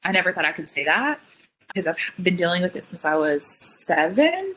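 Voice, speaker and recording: A young woman telling her own story in casual chat, full of "like" fillers and quick retellings. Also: on the low side, big pitch swings, fairly bright tone, low-quality recording. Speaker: guest sharing her story.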